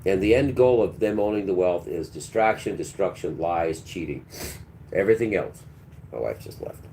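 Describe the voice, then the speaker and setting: A man's voice: low-pitched, lively intonation, normal speed, warm tone, a little hiss or hum. A man hosting a livestream, delivering a preachy, combative monologue and talking back to his chat. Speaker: livestream host.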